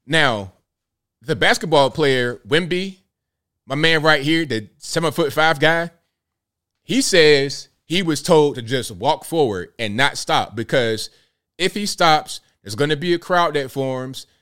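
A man's voice: a little high, expressive, a little slow, a bit bright. A man in his thirties hosting a casual commentary show, chatty and incredulous as he talks through a clip. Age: 30s. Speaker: host.

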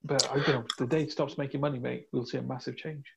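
A man in casual podcast chat, telling stories with lively acted-out dialogue. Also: mid-range voice, fast talker, creaky. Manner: animated storyteller, acts out quoted dialogue. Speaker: recruitment business owner.

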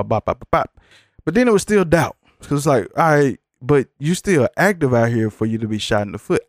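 A man hosting a podcast, ranting in a blunt, profane, animated way in a casual chat. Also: medium pitch, dry recording, studio quality. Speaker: podcast host.

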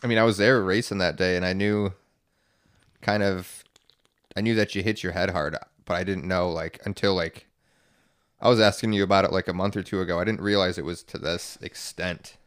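A man's voice: deep voice, steady tone, a little fast, smooth, no room sound, clean studio sound. A man hosting a podcast in casual chat, easygoing, asking short questions.

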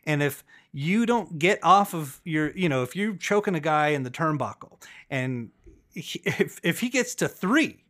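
Man, slightly high voice, casual podcast chat, rambling, profane, animated. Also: measured pace. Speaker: podcast co-host. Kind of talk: casual chat about wrestling.

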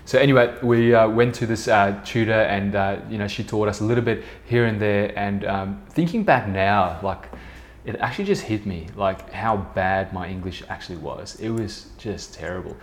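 This man's voice sits on the low side and moves at a normal speed. In his thirties, with an Afrikaans accent from South Africa, he hosts a solo podcast as a business co-founder, chatting casually and rambling with lots of fillers.

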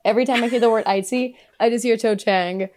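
A woman's voice: fairly high pitch, steady tone, fast, darkish tone, slight background noise. A young woman co-hosting a podcast, chatting casually and telling a story with plenty of laughter. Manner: playful, giggly storyteller. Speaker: podcast co-host. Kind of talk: casual chat.

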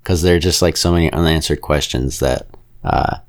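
A man co-hosting a podcast, chatting casually and rambling about a film with strong opinions. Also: very deep voice. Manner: rambling, opinionated, keeps slipping into quick character impressions. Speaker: podcast co-host reviewing a film. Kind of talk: casual chat.

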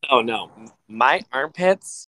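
A man's voice: medium pitch, animated, slow pace, pushed and bright, no echo, low-quality recording. A man co-hosting a podcast, blunt and crude in casual chat, self-deprecating. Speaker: podcast co-host.

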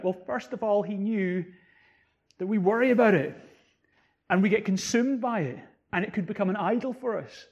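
Man, pastor, sermon, emphatic, explains scripture verses, somewhat high-pitched. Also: a little mellow, husky, dull audio. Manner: emphatic preaching, voice rising on key words.

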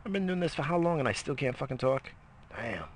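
A man's voice: medium pitch, animated, fast, background noise. A middle-aged man in a casual, rambling monologue, swearing freely and coughing between lines. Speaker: vlogger.

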